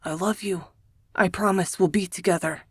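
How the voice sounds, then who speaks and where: A woman reading the part of a protective young male mage brother, speaking softly and urgently in an audiobook. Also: fairly low pitch, steady tone, moderate pace, slightly rough, no echo, clean studio sound. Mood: tender urging.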